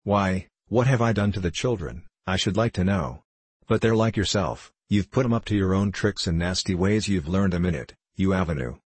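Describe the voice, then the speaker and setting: A man's voice: low voice, normal speed, slightly rough, no echo. A man voicing a snarling drunken miner father. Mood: sneering. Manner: snarling, bullying, broad dialect. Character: brutal drunken male coal miner father.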